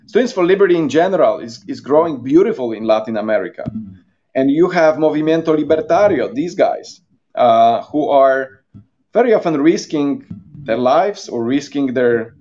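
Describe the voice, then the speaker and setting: Halting man on a call. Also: mid-range voice, mellow, highs cut off. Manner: halting, with frequent restarts and fillers; earnest and emphatic. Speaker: interview guest, organization president. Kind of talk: live online interview.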